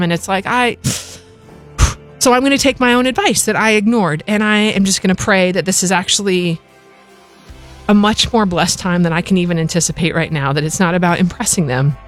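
A woman's voice: on the low side, moderate pace, faint music behind. Woman radio co-host, young adult, candid chatty delivery, laughs easily. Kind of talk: casual on-air chat.

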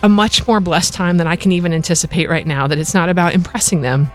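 A woman's voice: on the low side, faint music behind. Candid, laughing woman radio co-host. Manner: candid, earnest, quick to laugh. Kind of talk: Christian radio talk chat.

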